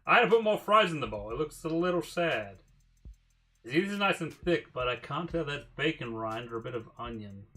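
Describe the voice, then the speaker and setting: A man's voice: on the high side, lively intonation, a little fast, sharp tone, soft background music. A man streaming a game, musing aloud in a casual, mildly profane way. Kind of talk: casual livestream commentary.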